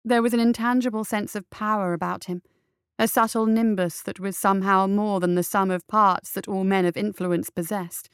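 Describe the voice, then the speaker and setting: A woman narrating an audiobook in a steady, measured storytelling manner. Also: medium pitch, smooth, no echo, clean studio sound.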